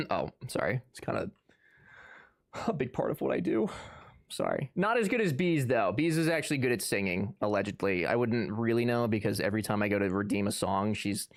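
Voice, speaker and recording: A man streaming live, chatting casually and answering his chat with sarcastic, joking banter. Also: lowish voice.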